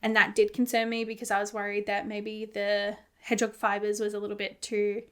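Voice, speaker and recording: A woman's voice: mid-range voice, completely flat delivery, brisk, fairly bright tone, clean tone. A woman hosting a knitting podcast in casual chat, rambling with lots of "like" and laughing at her own mishaps. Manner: chatty and rambling, often says "like".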